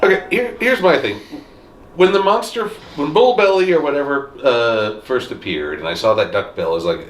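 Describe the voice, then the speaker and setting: A man co-hosting a casual podcast chat, animated and jokey. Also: moderate pace, echoey room, a little hiss or hum. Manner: animated, jokey, swings pitch widely. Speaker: podcast co-host.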